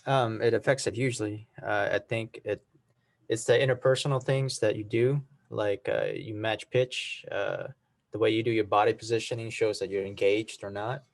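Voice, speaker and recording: A man in a training session answering and asking questions hesitantly, with many fillers and a near-monotone delivery. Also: fairly low pitch, normal speed, creaky. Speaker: trainee agent. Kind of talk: group discussion.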